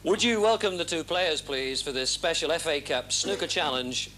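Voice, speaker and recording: A man's voice: a little high, expressive, pushed and bright, poor audio. Formal man announcing snooker players. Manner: measured, formal introductions. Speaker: snooker master of ceremonies. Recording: hissy old broadcast recording.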